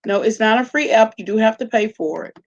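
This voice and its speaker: A woman's voice: fairly high pitch, a little fast, muffled recording. Sassy woman talking to her live chat. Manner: sassy, blunt, talks straight to chat. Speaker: live-stream host. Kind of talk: casual live-stream commentary.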